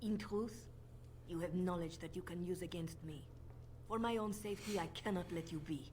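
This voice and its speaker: A woman's voice: lowish voice, normal speed, darkish tone, a little hiss or hum, close to an everyday voice. An actress playing a scheming female spymaster in a video game, with a put-on French accent and a purring, condescending manner. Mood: menacing. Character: scheming female bard spymaster, silky and menacing.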